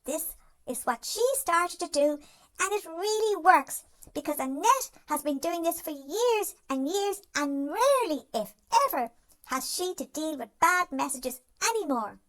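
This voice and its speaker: Voiced by a performer, a gentle and caring cartoon dog gives self-help advice in scripted narration, speaking directly to the listener. The exaggerated voice is high and swoops up and down in a lively way, yet the delivery stays slow and soothing.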